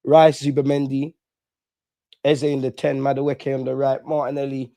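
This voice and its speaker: A man's voice: mid-range voice, monotone, normal speed, warm tone, dry recording, clean studio sound. A young man, chatting casually and animatedly on a live fan stream, full of slang. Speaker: fan channel host.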